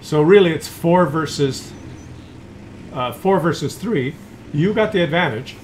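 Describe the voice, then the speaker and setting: A man casually commentates a tank battle replay, chatting to his viewers and teasing the player he watches. His voice sits a little high for a man. A faint hiss of background noise runs under the recording. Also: expressive, unhurried. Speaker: game commentator.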